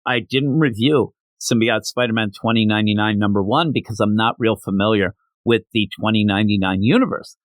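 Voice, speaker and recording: A man's voice: on the low side, a little fast, few pauses, no echo. A man reviewing comics in a casual solo show, ranting and sarcastic, tired from not sleeping.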